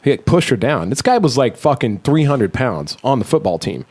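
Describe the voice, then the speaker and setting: A young adult man hosting a podcast, telling an animated, profanity-heavy story in casual chat. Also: medium pitch, normal speed. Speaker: podcast host.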